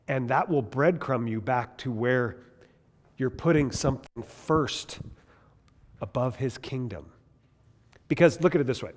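A man teaching a Bible class in an emphatic way, asking many rhetorical questions and often restarting his sentences. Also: medium pitch. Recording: long reverb in a hall.

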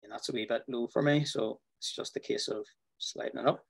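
A man walking viewers through building a website, talking in a relaxed way with fillers, over a video call. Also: mid-range voice, fairly quick, gravelly, husky. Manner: relaxed, thinking aloud with fillers. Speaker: web design instructor. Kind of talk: screen-share tutorial walkthrough.

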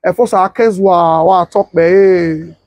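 A young adult man with a Nigerian Pidgin English accent, telling a story and acting out the voices of others in a husky tone. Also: unhurried. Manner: switches to high excited voice when quoting others. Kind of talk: animated storytelling with acted-out quotes.

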